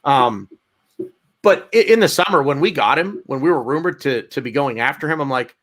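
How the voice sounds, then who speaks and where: Measured man weighing in hesitantly. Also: a little high, expressive, a bit bright. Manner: measured, hesitant with repeated starts. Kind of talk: casual football chat.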